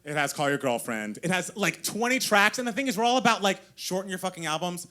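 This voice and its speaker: A man co-hosting a podcast live on stage, talking in a gushing, excitable way and laughing often. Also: high-pitched, quick pace. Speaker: podcast co-host. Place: live stage before an audience.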